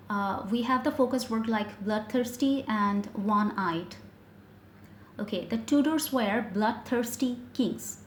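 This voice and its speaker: A woman's voice: on the high side, a little mellow. A woman teaching an online grammar class, explaining step by step with frequent fillers and self-corrections. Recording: echoey room with faint noise.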